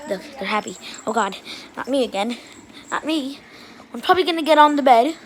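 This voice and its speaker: High-voiced, excitable young woman. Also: fairly quick, a little hiss or hum. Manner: excitable, shrieks and gasps, keeps exclaiming. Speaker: vlogger filming her puppies. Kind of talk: casual excited commentary.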